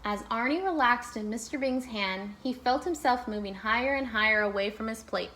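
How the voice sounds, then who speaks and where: Bright-voiced woman reading a storybook. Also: on the high side, moderate pace. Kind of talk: children's storybook read-aloud.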